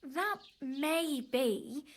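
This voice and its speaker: Fretful peasant wife, high voice, earnest, guarded, game dialogue. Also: female voice, lively intonation, very slow, exaggerated voice. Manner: earnest, guarded, then desperate pleading. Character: anxious peasant wife pleading for her sick husband.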